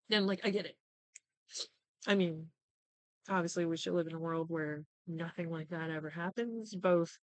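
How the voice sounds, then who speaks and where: With a lowish, clear and resonant voice and no room sound, a young podcast host chats animatedly while recapping shows. She curses freely and acts out what the characters say.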